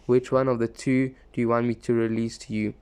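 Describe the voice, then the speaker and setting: A man's voice: mid-range voice, little pitch movement, brisk, darkish tone, clear, resonant tone, close to an everyday voice. A man reading the lines of a Roman governor who questions a prisoner and the crowd, in a plain reading voice. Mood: questioning.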